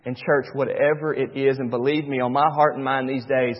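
A man, a pastor preaching a sermon, swinging between loud and hushed. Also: medium pitch, fairly even intonation, fairly quick. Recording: dull recording with long church reverb.

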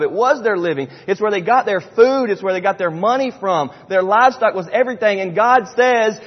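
A middle-aged man preaching a sermon in a church, emphatic and repetitive, acting out the people he quotes. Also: high voice. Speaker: pastor. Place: church sanctuary. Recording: dull sound with long hall reverb.

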